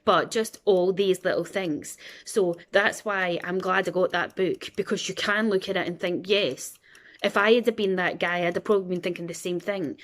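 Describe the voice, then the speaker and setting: Chatty Scottish woman, lowish voice. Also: steady tone, normal speed. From Scotland. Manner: chatty and rambling, acts out quoted voices. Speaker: vlogger. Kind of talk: casual chat.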